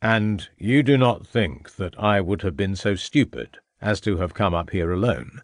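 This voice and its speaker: Casting: a man playing a calm, firm Victorian inspector, lowish voice, close and dry. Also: measured pace, dry recording.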